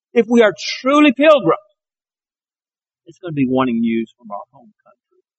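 A man's voice: fairly high pitch, husky, no room sound, highs cut off. A man from Alabama preaching a sermon, telling folksy, anecdotal stories. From Alabama, USA.

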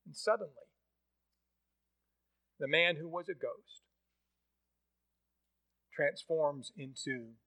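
A man preaching a sermon, telling a story and acting out its dialogue. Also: fairly high pitch. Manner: storytelling, acts out quoted dialogue.

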